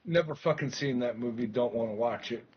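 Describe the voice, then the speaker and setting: A man's voice: mid-range voice, slightly rough. A man chatting casually on a game stream, swearing freely and jumping between jokes and asides. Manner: animated, swearing, quick asides and laughs. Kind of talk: casual gaming-stream chat. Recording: muffled lo-fi stream audio.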